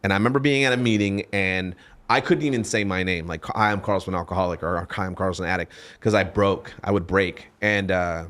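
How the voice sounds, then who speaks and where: Low-voiced man in candid, rambling podcast chat. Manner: rambling, candid, restarts often. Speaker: podcast host.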